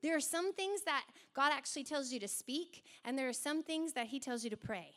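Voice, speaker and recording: A young adult woman preaching a sermon in an animated way, acting out quoted voices as she goes. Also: high-pitched, brisk.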